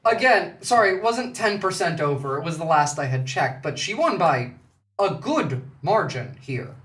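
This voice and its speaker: A man's voice: a little high, sing-song, moderate pace, fairly bright tone, recorded from a distance. Mocking male streamer, foul-mouthed and sarcastic, sits back from the mic in a roomy space. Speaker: political commentary streamer. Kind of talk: casual live-stream commentary.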